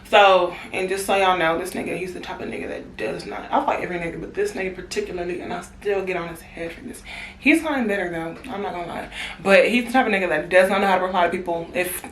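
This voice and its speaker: A young woman in a casual storytime vlog, animated and slangy, swearing and laughing often. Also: mid-range voice, a little hiss or hum. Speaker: vlogger. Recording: roomy echo.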